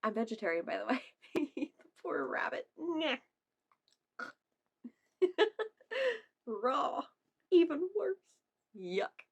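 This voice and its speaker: In a muffled recording, a young woman's high, sing-song, creaky voice moves at a slow pace with frequent pauses. She's a vlogger reacting to memes in casual chat, laughing a lot, swearing, and doing playful silly voices.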